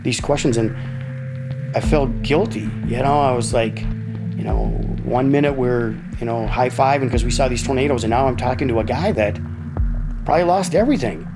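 A middle-aged man from Minnesota, a high school science teacher, recalling events in an interview with halting restarts and fillers. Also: music in the background. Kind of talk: interview recollection.

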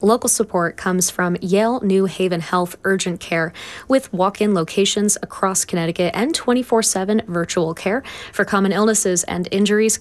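A woman announcer reading sponsor credits in a clear, even voice of middle pitch. Her reading is scripted and evenly paced. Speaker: radio announcer.

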